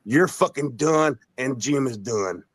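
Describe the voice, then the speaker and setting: A man's voice: mid-range voice, expressive, takes it slowly, a crowd in the background. Blunt, urgent man on a livestream. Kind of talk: heated livestream callout.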